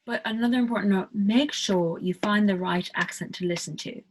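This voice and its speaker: A woman's voice: medium pitch, fairly quick. A woman from the United States hosting a casual tutorial video, chatty and rambling, with lots of fillers. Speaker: video host teaching accents.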